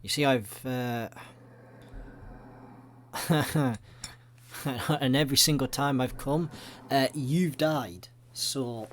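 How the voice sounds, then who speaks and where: A man's voice: mid-range voice, very slow, long pauses, a little hiss or hum. A man giving rambling, jokey let's-play commentary, swearing often. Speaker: gaming video creator.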